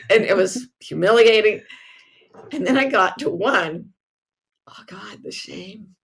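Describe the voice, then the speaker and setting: A woman hosting a casual podcast who tells stories in an animated, self-mocking way and laughs often. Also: mid-range voice, normal speed. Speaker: podcast host.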